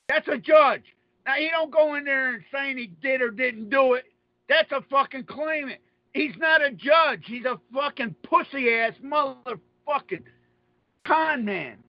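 Male radio host, very high voice, combative profane ranter, lo-fi sound. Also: a little slow, dry recording. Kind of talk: ranting monologue. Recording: dull lo-fi dry audio.

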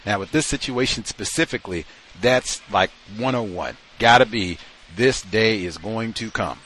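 A man's voice: lowish voice, moderate pace, a bit bright, slight background noise. A man hosting a radio talk show, giving emphatic commentary and now and then acting out the voices of people he quotes. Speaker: radio host.

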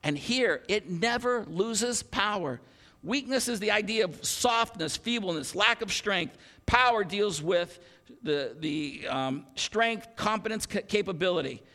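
Fifties guy preaching, high voice, bright edgy tone, lots of stumbles and jokes, big echoey hall. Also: unhurried. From Ohio, USA. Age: 50s. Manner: animated, stumbling restarts, self-deprecating humor. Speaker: pastor. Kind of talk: sermon. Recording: long hall reverb.

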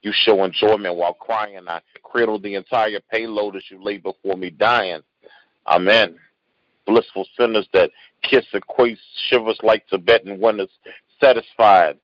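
Guy with a lowish voice doing slow spoken word poetry, dry muffled call audio, no room sound. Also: steady tone, no echo. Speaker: guest poet.

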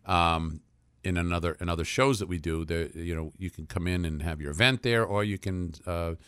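A man's voice: low voice, normal speed, a bit bright, clear, resonant tone, no room sound. A man speaking for a community center on a radio show, chatty and full of fillers. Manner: chatty, filler-heavy, promotional, laughs easily. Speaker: nonprofit center representative, guest. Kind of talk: casual radio chat.

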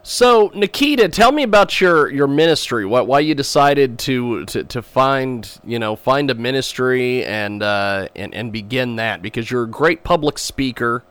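A man's voice: medium pitch, lively intonation, moderate pace, hardly any pauses, a bit bright, clear, resonant tone, no room sound. A man hosting an interview, encouraging his guest and stumbling through long questions. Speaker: host.

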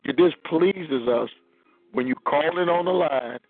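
Male minister, phone-line sermon, raspy, fairly high-pitched, very dry sound. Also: unhurried, dry recording, soft background music. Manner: preaching, reading scripture aloud.

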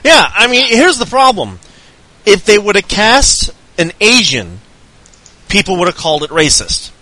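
A man's voice: high-pitched, huge pitch swings, unhurried, bright, forceful tone, no echo, low-quality recording. A man co-hosting a podcast, ranting heatedly and swearing nonstop in casual talk. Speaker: podcast co-host.

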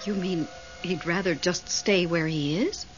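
An actress playing a nervous, devoted middle-aged widow in a 1970s radio drama, fretful and excitable. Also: female voice, lowish voice, unhurried, lightly acted. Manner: fretful, excitable, talks on the phone. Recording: dull vintage radio broadcast, faint hiss.

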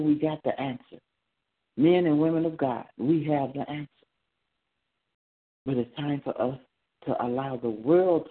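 A man preaching and praying at an early morning prayer service, with fervent, repetitive exhortations that swell into cries. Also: a little high. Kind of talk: sermon and prayer. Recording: tinny phone-line sound.

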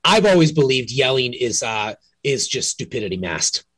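A man's voice: mid-range voice, very animated, moderate pace, a bit bright, slightly rough, dry recording. A man co-hosting a real estate podcast, talking frankly and casually, often restarting his sentences. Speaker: realtor podcast co-host.

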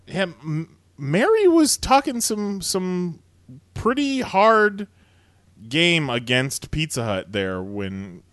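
A man's voice: high-pitched, very animated, takes it slowly, a bit bright, no room sound. A man hosting a podcast in casual chat, chatty with many fillers and frequent laughter. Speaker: podcast host.

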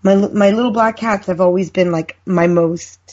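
Chatty female podcast guest, slightly husky, muffled lo-fi sound. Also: medium pitch, fairly even intonation, moderate pace. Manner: chatty, warm storyteller. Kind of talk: casual podcast chat. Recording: muffled lo-fi call.

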